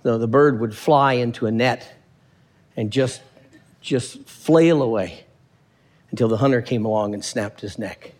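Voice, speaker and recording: A man preaching a sermon, reading scripture aloud and acting out the characters in the passage with quick voices. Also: medium pitch, in a large hall. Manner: animated, acts out characters, reads scripture aloud.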